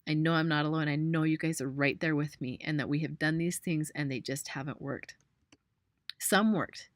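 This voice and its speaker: A woman in her thirties with a low voice presents a webinar as a personal trainer. She is chatty and personal, calls her viewers "you guys" and laughs easily. The sound is close and dry. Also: steady tone, moderate pace, no room sound.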